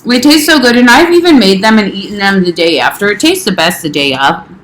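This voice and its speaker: A woman's voice: mid-range voice, lively intonation, brisk, fairly bright tone, reverberant, rough recording. A young adult woman health coach chatting casually in a home kitchen, rambling a little and talking with her mouth full. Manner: chatty, rambling, talks while eating. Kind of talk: casual vlog chat.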